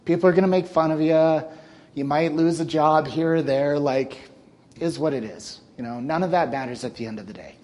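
A man's voice: on the high side, brisk, darkish tone. A man in his thirties giving an earnest, casual talk to a church group, speaking directly to the young men and getting emotional.

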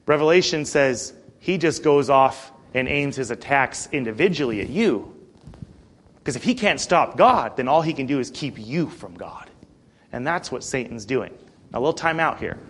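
A man preaching a sermon, animated, swinging between quiet and loud delivery. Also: medium pitch, moderate pace.

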